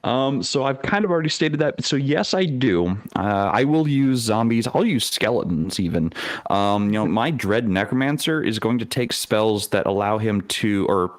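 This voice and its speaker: A man on a podcast panel, explaining his game-running tactics in a casual, animated way with frequent restarts. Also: on the low side, moderate pace, dry recording. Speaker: dungeon master panelist.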